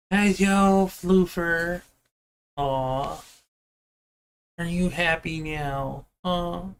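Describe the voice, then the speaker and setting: A man's voice: a little high, creaky, fairly bright tone, a little hiss or hum. A man casually chatting while streaming a racing game at home, slipping into cooing baby talk to his cat. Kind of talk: casual gameplay chat.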